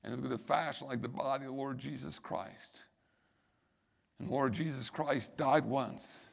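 A man's voice: medium pitch, a little slow, gravelly. A middle-aged male pastor preaching a sermon, building emphasis and repeating key phrases.

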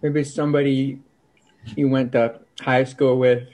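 A man's voice: medium pitch, little pitch movement, unhurried, darkish tone. A man as a podcast guest in casual chat, hesitant with stammering restarts and dry, skeptical humor. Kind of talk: casual conversation.

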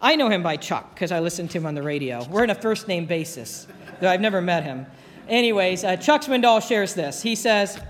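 A man's voice: high voice, animated, a little fast. A male pastor preaching a sermon in a folksy, storytelling way, acting out the voices in his anecdotes. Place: church sanctuary. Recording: long church reverb.

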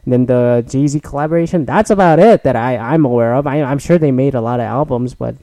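A man's voice: medium pitch, a little fast, dark tone, dry recording. A man in his thirties, a podcast host, delivering a rambling, profane, exasperated solo rant.

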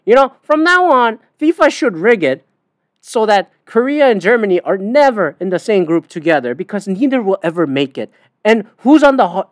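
A woman's voice: medium pitch, dry recording, studio quality. A woman hosting a podcast, ranting bluntly and profanely in casual talk with many fillers. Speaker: podcast host. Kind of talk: casual opinion rant.

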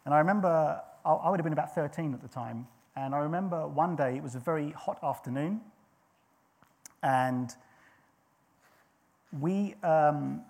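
Gravelly husky middle-aged male preacher. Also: on the high side, normal speed, pauses often, a little mellow. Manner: earnest storytelling, frequent restarts. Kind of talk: sermon with personal testimony.

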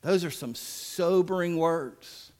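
Man, pastor preaching, emphatic, folksy, high voice. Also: slow, a little mellow. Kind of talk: sermon.

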